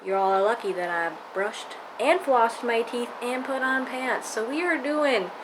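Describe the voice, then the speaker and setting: A woman's voice: on the high side, a little slow, background noise. A tired woman chatting casually to her viewers at home, rambling and playful as she goes. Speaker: vlogger. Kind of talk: casual vlog chat.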